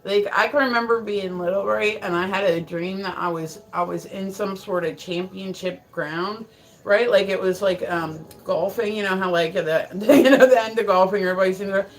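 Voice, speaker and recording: A woman's voice: medium pitch, moderate pace, rough recording. A woman livestreaming in casual chat, telling rambling stories full of swearing and often breaking into laughter as she reads viewer comments aloud. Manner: profane, rambling storyteller; laughs often mid-sentence.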